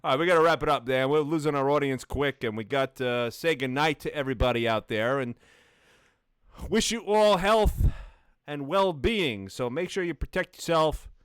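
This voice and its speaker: A man's voice: a little high, moderate pace, smooth, no echo, studio quality. A man co-hosting a casual live talk show, telling stories animatedly, laughing often and saying "like" a lot. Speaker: co-host. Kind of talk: casual live-stream chat.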